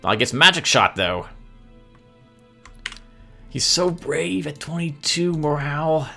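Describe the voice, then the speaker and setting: Lively man giving gameplay commentary. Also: on the high side, takes it slowly, creaky, soft background music. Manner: chatty, laughs often, sheepishly apologetic. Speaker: let's play host.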